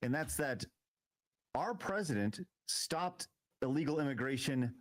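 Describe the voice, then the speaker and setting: A man hosting a casual political chat show, animated, repeating himself and reading out viewer comments. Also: medium pitch, unhurried, no room sound. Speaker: host.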